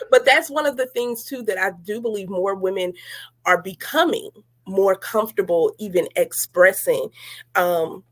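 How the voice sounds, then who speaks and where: A woman hosting a casual chat, telling stories and laughing often. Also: mid-range voice. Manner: chatty storyteller, laughs often. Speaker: podcast host.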